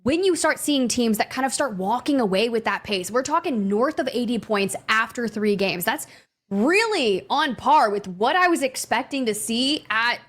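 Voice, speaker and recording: A woman's voice: on the high side, animated, normal speed, a bit bright. A woman co-casting a live esports broadcast, talking through the standings in a conversational, playful way. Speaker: esports caster.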